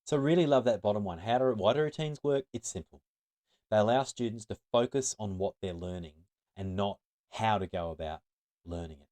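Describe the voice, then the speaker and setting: Earnest low-voiced male presenter. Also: brisk, a little mellow. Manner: earnest, emphatic, with restarts. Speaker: teacher trainer. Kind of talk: presentation to teachers.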